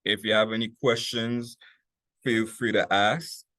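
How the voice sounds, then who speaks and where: A man with a US Virgin Islands accent giving a customer service workshop talk, chatty and lively, often checking in with "okay?" and "right?". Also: fairly low pitch, unhurried, no room sound. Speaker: workshop speaker, private chef.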